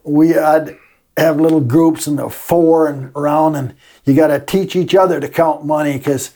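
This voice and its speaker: A man's voice: a little high, steady tone, moderate pace, dark tone. An older man, a retired teacher telling folksy classroom stories with frequent laughs in a casual interview.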